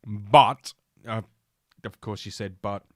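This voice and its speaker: A man with a lowish voice hosts a podcast, slowly reading an article aloud and tearing into it with crude, profane asides. He swears often, mocks the text, and laughs at his own jokes. The recording is studio-clean with no room sound.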